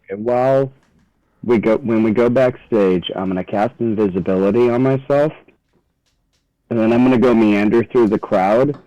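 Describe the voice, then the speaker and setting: A man's voice: fairly low pitch, moderate pace, mellow, no room sound. A man as a tabletop game player, laid-back and hesitant. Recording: dry, dull lo-fi sound.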